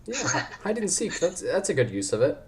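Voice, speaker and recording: A man's voice: a little high, big pitch swings, brisk, a loud crowd. A young man hosting a podcast in casual chat, rambling and joking, often cutting himself off mid-sentence. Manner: rambling, jokey, self-interrupting. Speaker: podcast host.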